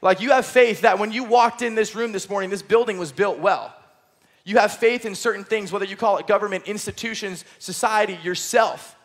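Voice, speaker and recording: A young man, a high school pastor, delivering an energetic, chatty sermon from a church stage, using plenty of fillers. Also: fairly quick.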